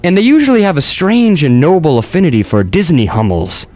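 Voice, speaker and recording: A man's voice: a little high, sing-song, brisk. Rambling mock-earnest male podcast host. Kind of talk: rambling comedic monologue.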